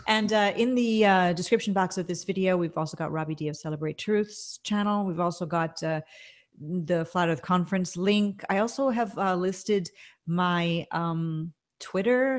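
A middle-aged woman with a slightly low voice hosts a casual online chat show. She talks in a loose, chatty way, reads out viewer comments and laughs easily between thoughts. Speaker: show host. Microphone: desk mic.

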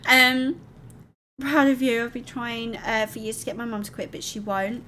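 A woman talks on a live stream in a candid, rambling, emotional way, showering viewers with darlings and sweethearts. Her voice sits fairly high, with a faint hum behind her. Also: fairly even intonation, normal speed, bright, forceful tone. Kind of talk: casual live-stream chat.

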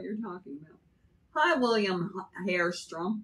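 A woman in her sixties, born in Kentucky and raised in Texas, has a Kentucky accent with a Texas drawl and a low, fairly bright voice that moves a little slowly. She hosts a casual livestream chat, reading comments and greeting viewers by name. The recording is low quality with slight background noise.

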